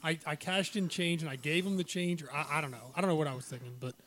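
Fast, hesitant man on a podcast. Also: a little high, a bit bright. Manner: hesitant, stumbling. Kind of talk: casual chat.

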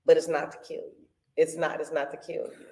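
A woman on a faith podcast, telling her story in a lively, preachy way and acting out her own prayers. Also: deep voice, fairly quick. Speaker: podcast co-host. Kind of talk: casual faith podcast talk.

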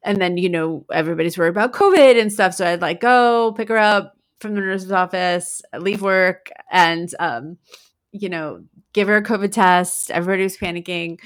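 A woman's voice: fairly low pitch, moderate pace. A woman in her thirties co-hosting a podcast, telling a story in casual chat and acting out her child's lines. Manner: chatty storyteller, acts out her kids' lines, laughs often. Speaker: podcast co-host.

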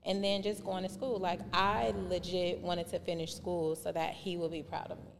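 Low-voiced woman telling stories in a reverberant room. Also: moderate pace, vocal fry. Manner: animated, acts out remembered dialogue in voices. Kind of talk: casual podcast storytelling. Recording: reverberant room with faint background noise.

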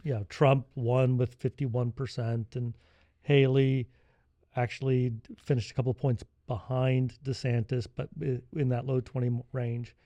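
A man who is a guest on a political podcast, explaining things in a measured way with dry humor. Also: medium pitch, little pitch movement, dark tone, dry recording. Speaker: podcast guest, think-tank executive.

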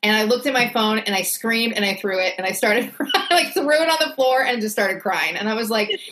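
A woman's voice: fairly high pitch, a little fast. Chatty woman podcast co-host. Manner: chatty, expressive, lots of fillers like "like". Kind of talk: casual chat.

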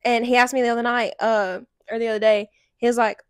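A young woman on the high side, with little pitch movement and a smooth, fast delivery, co-hosts a podcast. Her chatty story leans heavily on "like," and the recording is dry and studio quality.

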